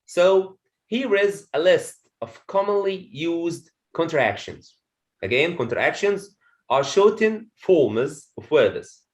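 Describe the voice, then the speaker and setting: A man's voice: on the high side, expressive, slow pace. A man teaching a pronunciation lesson to a classroom of students, repeating phrases and checking understanding with "okay?". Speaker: English teacher.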